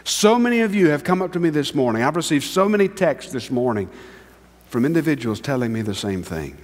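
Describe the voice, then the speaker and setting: A male pastor preaching a sermon, swinging between hushed, drawn-out words and raised, emphatic lines. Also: a little high, animated, big-room sound.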